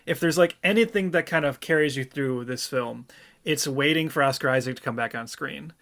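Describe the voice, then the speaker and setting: A man co-hosting a film podcast, talking in a casual, animated way with lots of "like". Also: mid-range voice, fairly quick, vocal fry. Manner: animated, laughing, many "like"s. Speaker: podcast co-host. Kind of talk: casual chat.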